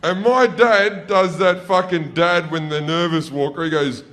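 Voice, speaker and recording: A man's voice: on the high side, steady tone, measured pace, a bit bright, a little hiss or hum. A man telling rambling, profane stand-up stories, often correcting himself mid-sentence. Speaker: stand-up comedian. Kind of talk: stand-up comedy storytelling.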